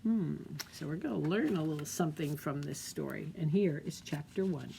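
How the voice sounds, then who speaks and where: A woman leading a children's storytime as librarian, gently explaining a craft and reading a picture book aloud. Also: low-pitched, brisk, vocal fry, slight background noise. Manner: gentle, encouraging, talks to kids.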